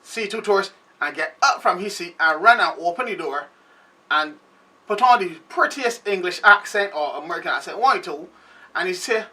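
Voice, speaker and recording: A man's voice: high-pitched, normal speed, distant mic. A man with a Barbadian accent, hosting a show in a loose, rambling casual commentary monologue. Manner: loose, rambling, animated delivery. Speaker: show host.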